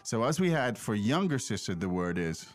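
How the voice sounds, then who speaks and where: A man's voice: lowish voice, sing-song, normal speed, faint music behind. A middle-aged man hosting a casual language lesson podcast, explaining and prompting with questions, with many fillers. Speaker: podcast host and teacher.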